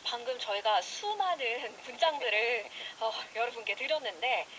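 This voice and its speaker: High-voiced, fast-talking woman radio DJ. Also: lively intonation, fairly bright tone. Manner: switches rapidly between Korean and slow, clearly spelled English. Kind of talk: bilingual radio chat. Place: radio studio. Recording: dull radio broadcast with faint hiss.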